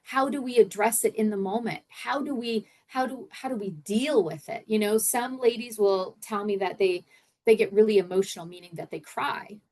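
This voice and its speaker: Her mid-range voice is a little mellow and moves at a moderate pace as this middle-aged podcast host talks leadership. She coaches in an easygoing, conversational manner, frequently repeating words and acting out examples.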